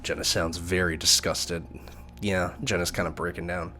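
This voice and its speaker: A man reading a visual novel aloud, narrating and adding relaxed side comments. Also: deep voice, normal speed, music in the background. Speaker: game narrator and player.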